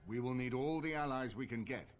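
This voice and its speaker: An actor playing a noble lord in a video game who speaks formally and gravely about gathering allies for war. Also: male voice, mid-range voice, natural voice. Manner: formal, measured.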